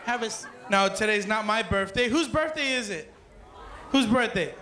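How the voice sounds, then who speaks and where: Party magician, man, high bright voice, playful crowd patter with kids. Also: animated, normal speed, slight background noise. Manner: playful, joking, calls to the crowd. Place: party hall with dance floor.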